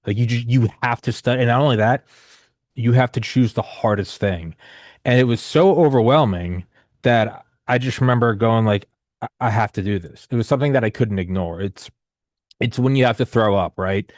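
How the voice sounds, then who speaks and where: A man in his thirties rambles through a long personal story in casual conversation, swearing often, restarting sentences and using many fillers. His mid-range voice is darkish and at normal speed, recorded dry with clean studio sound.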